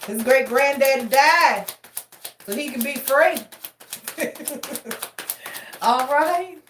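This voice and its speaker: A woman giving a casual tarot reading with a fairly high voice. She talks frankly, swears freely and calls her listeners baby. The sound is roomy and she sits a little away from the mic. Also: takes it slowly, fairly bright tone, distant mic, slight background noise. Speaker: tarot reader.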